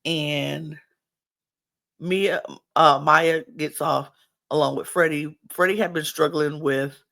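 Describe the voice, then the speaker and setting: A woman's voice: deep voice, fairly even intonation, slow, creaky, fairly bright tone. A woman hosting a podcast and recapping a reality show in casual chat, acting out what people said. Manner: chatty, acts out people's quotes. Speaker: podcast host.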